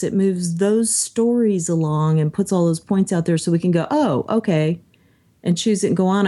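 A woman co-hosting a casual discussion podcast, chatty and lively when she quotes other people. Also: on the low side. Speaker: podcast co-host.

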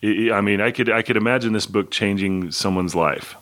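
A man in a casual book discussion, speaking in a measured, slightly hesitant way and reading out facts he looked up. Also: fairly low pitch, fairly bright tone. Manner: measured, reads out dates he looked up, hesitant fillers.

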